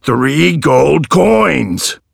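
A man voicing a rude, greedy, terrifying male soup seller who drawls his demands slowly and turns shrill when angry. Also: expressive, creaky, slightly rough, no echo, studio quality, full character voice. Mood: menacing. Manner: slow, menacing, then shrill yelling.

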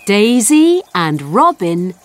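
Woman storyteller for a children's book; measured, animated, clear reading. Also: medium pitch, no room sound. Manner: slow, clear and expressive.

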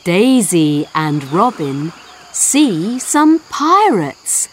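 A woman narrating a children's storybook, reading slowly, clearly and expressively. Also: fairly low pitch, sing-song, slight background noise.

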